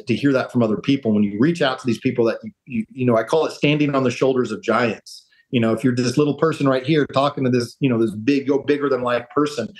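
A man's voice: mid-range voice, low-quality recording. A man talking as a podcast guest, earnest and rambling, restarting sentences and acting out quoted voices as he gives advice. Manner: acts out quoted voices of others. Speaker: podcast guest, real estate entrepreneur. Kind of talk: casual interview talk.

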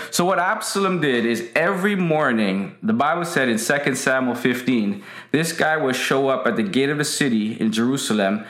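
A man with a medium-pitched, fairly bright voice preaches a casual but emphatic livestream sermon to an online audience. He repeats his key lines and greets viewers by name, and the recording has a roomy echo.

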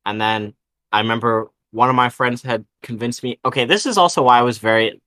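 A man's voice: medium pitch, brisk, bright, forceful tone, no echo. A young man co-hosting a podcast, rambling through a gaming story in casual chat and swearing freely. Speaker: podcast co-host.

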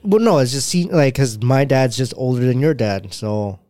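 A man's voice: mid-range voice, normal speed, mellow, dry recording. A man in casual chat, patiently explaining things and laughing often.

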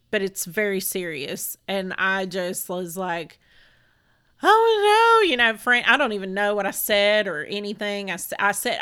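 Woman, forties, bright crisp voice, emotional rambling storyteller. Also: mid-range voice. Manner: emotional, rambling retelling with restarts. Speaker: podcast co-host. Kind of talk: casual storytelling chat.

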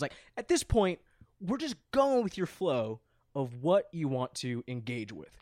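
Male podcast host, slightly high voice, dry close sound, swears freely and jokes around. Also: very animated, unhurried, darkish tone, dry recording. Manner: loose, profane, jokey banter. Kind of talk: casual chat.

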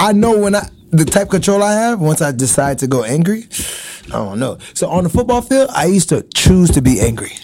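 A middle-aged man in casual chat, animated and laughing often, acting out loud quotes. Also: sits high.

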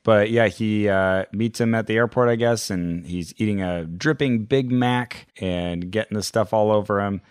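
A man with a very low voice, co-hosting a casual podcast chat. He fills in details of the story with dry, wry comments. The sound is close and dry, with no room echo. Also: moderate pace, hardly any pauses, clear, resonant tone. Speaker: podcast co-host. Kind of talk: casual conversation.

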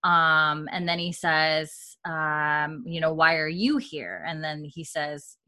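Low-voiced woman, casual podcast co-host, rambling recap full of fillers. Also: takes it slowly, sharp tone. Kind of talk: casual chat.

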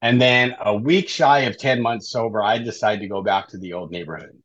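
A man's voice: fairly low pitch, fairly quick, a bit bright, dull audio. A middle-aged man, a podcast guest, tells his story in a casual, conversational way and often ends sentences with "right?". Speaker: podcast guest, life coach in recovery.

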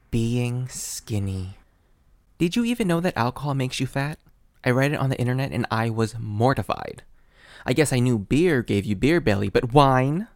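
Deadpan self-mocking young man. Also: mid-range voice, dry recording. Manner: self-deprecating, deadpan delivery. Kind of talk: comedic personal essay read aloud.

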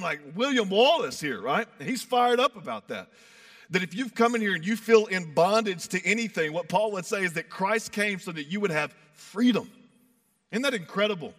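A man preaching a sermon in a conversational way, swinging from fired-up emphasis to quiet, soft passages. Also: high voice. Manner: emphatic, builds to fired-up peaks then drops soft; conversational, uses "like" and "you know". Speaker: pastor.

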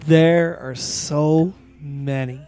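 A man hosting a casual chat show, telling stories in an animated, rambling way. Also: a little high, extremely slow, loud music behind the voice. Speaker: podcast host.

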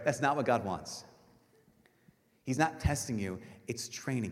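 Priest preaching in a reverberant hall. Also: male voice, mid-range voice. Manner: animated storytelling, acts out voices, swings from loud to hushed. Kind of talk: sermon.

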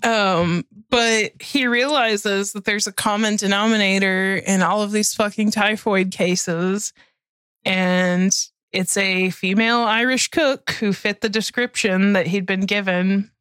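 A woman's voice: medium pitch, fairly even intonation, measured pace, a bit bright, clean tone, no echo. A woman co-hosting a podcast, telling a history story in casual chat, giggling often and swearing casually. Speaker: podcast co-host.

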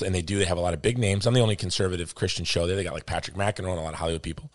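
A man's voice: deep voice, very fast, hardly any pauses, no room sound, studio quality. A middle-aged man hosting a podcast, telling a story in casual chat and acting out the voices of the people he quotes. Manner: animated, acts out quoted voices, says dude and brother. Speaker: podcast host.

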